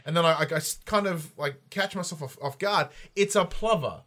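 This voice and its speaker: An Australian man chats on his podcast from a home studio. He tells stories in an animated, swearing-heavy way. His voice sits a little higher than most men's. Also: brisk. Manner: animated storyteller, swears freely. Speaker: podcast host. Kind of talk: casual chat. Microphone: headphones and studio mic.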